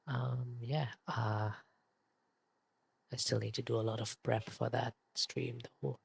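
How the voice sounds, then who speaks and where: A young man streaming late at night, in a whispered role-play hush, quiet and hesitant with many fillers as he signs off. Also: mid-range voice, flat delivery, slow pace, vocal fry, breathy edge.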